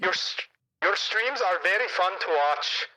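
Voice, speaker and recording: A man voicing a caller who puts on a halting, exaggerated German-style accent. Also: high-pitched, sharp tone, heavily acted, poor audio. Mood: hammy. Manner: halting, exaggerated foreign lilt. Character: male caller putting on a strange German accent.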